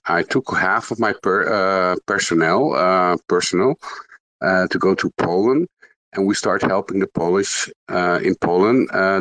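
Man speaking halting English. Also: low-pitched, fairly bright tone, poor audio. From Netherlands. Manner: halting, searching for English words with many fillers. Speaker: restaurant owner. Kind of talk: casual chat on a social audio space.

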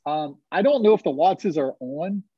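A man's voice: on the high side, expressive, moderate pace, husky, no room sound, highs cut off. Joking man hosting a call-in podcast. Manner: joking, teasing banter with callers. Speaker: podcast host. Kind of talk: casual live call-in chat. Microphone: video call.

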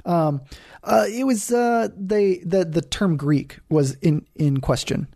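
A man co-hosting a podcast in casual chat, talking haltingly with playful restarts. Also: high-pitched, mellow, no echo, studio quality. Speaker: podcast co-host.

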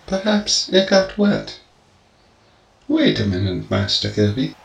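A man voicing a calm, polite robotic butler with a formal, gentle manner. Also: a little high, slow, creaky, roomy sound, pitched above the performer's own voice, exaggerated voice.

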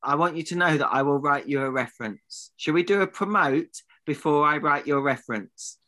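A man's voice: a little high, moderate pace, pushed and bright. A man co-hosting a podcast, bantering in a teasing, mock-serious way. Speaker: podcast co-host. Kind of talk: casual comedic banter.

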